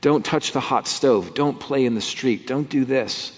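A man's voice: mid-range voice, a little slow. A man preaching a sermon in a conversational way, with vivid everyday images. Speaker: pastor. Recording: dull sound with long hall reverb.

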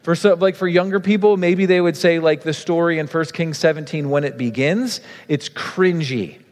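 A male pastor preaching a sermon in a casual, animated way, full of fillers. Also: on the high side, moderate pace, in a large hall.

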